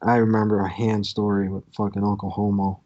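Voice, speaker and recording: A man's voice: lowish voice, little pitch movement, fairly quick, warm tone, highs cut off. A man co-hosting a podcast, telling a crude, swear-filled story from his youth in a casual way. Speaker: podcast co-host.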